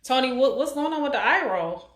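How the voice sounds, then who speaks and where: A high-pitched woman of about forty, with lively intonation and a fairly bright tone, hosts a live stream from an echoey room. She greets viewers and reads their comments in casual chat that rambles and halts, packed with fillers.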